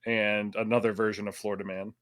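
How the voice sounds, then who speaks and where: A man's voice: on the low side, level tone, brisk, a bit bright. A man co-hosting a casual podcast, chatting with frequent hesitations. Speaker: podcast co-host. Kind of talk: casual chat.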